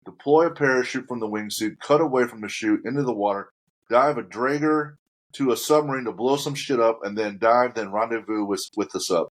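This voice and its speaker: A man's voice: medium pitch, fairly quick. A man hosting a podcast, chatting casually and joking with his guest. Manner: joking, easygoing, chuckles. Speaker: podcast host. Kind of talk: casual interview chat.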